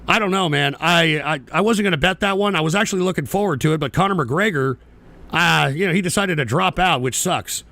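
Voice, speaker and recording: A man's voice: fairly high pitch, brisk, bright, forceful tone. A man hosting a live-stream show, reading chat messages and answering them with profane, combative rants. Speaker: livestream radio host.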